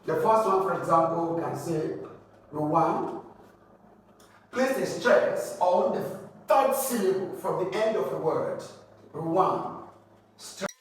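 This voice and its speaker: A man with a Nigerian English accent coaching students for an oral English exam, explaining slowly, spelling out letters and quizzing the listener. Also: high voice. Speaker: exam prep teacher. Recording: echoey room, mic at a distance, faint background hiss.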